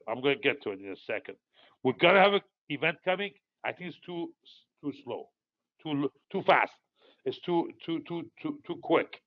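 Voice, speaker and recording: Here the same kind of speaker, an Iranian man in his sixties hosting market commentary, has a fairly high pitch, and the recording's highs are cut off. He chats casually, rambling through stories and leaning on plenty of fillers.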